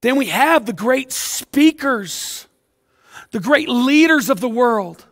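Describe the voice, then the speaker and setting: A male pastor preaching an impassioned sermon in a church, swinging between loud passages and hushed ones. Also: very high voice, expressive, slow pace, big-room sound. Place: church sanctuary.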